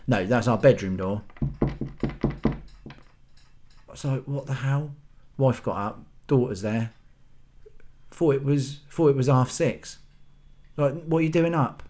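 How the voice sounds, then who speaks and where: A man's voice: medium pitch, slow, long pauses, warm tone. Ranting dad on his channel. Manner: exasperated ranting with self-mocking asides. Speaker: host. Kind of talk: casual rant to camera.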